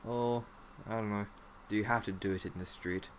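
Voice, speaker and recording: Steady in tone and moderate in pace, this lowish male voice belongs to a young gaming commentator playing a zombie game. He rambles goofily from one strange subject to another, saying "like" a lot, over a faint hiss or hum.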